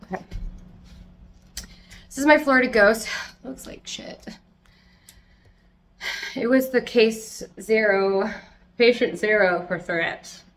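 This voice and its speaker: A young adult woman casually chatting through a tour of her houseplants at home, rambling and self-deprecating, talking loudly. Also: fairly high pitch, takes it slowly, long pauses. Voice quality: loud, yelling from audio trouble. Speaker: plant collector vlogger. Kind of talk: casual plant tour chat.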